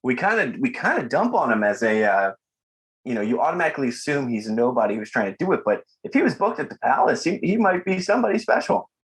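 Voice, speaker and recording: Podcast guy, chatty and laughing a lot, lively pitch. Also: fast, rough recording. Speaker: podcast guest. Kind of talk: casual chat.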